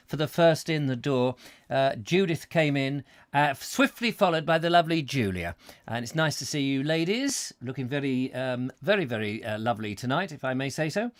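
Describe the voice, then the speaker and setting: A man hosting a live chat show, reading out viewers' messages with playful jokes and silly voices. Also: on the high side. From England. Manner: playful, jokey, slips into silly voices and sound effects.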